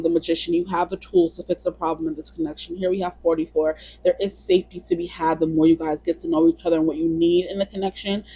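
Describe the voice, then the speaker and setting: A woman's voice: low-pitched, dark tone, slightly rough, dry recording, rough recording. A woman giving a casual pick-a-card tarot reading in a chatty, rambling way. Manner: chatty, rambling, lots of "you know". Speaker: tarot reader.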